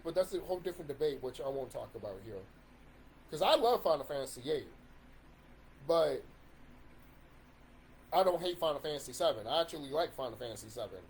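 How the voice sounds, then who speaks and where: A man's voice: a little high, darkish tone, slight background noise. A man in a casual ranting monologue about video games, swearing and rambling with restarts. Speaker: YouTube commentator.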